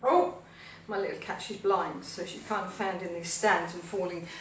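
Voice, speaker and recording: A woman's voice: lowish voice, fairly even intonation, moderate pace. A woman hosting a live home cooking stream, rambling cheerfully and chatting to her pets and viewers. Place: home kitchen, indoors. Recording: echoey kitchen, from a distance, faint hum.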